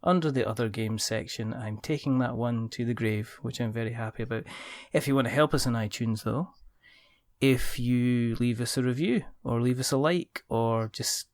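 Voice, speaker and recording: A man's voice: medium pitch, moderate pace, no room sound. Male podcast host, jokey outro delivery, dry close mic. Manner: jokey, plugging the show. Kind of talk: casual chat and show outro.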